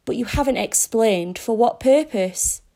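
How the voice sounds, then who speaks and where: A woman's voice: fairly high pitch, a little slow, vocal fry, mellow. A woman doing a metallic hissing robot police car. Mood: curt. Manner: curt interrogating commands.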